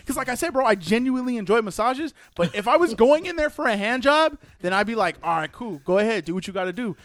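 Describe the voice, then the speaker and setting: A man's voice: very high voice, lively intonation, fast talker, fairly bright tone, dry recording. A young man telling a wild story in casual, profane podcast chat.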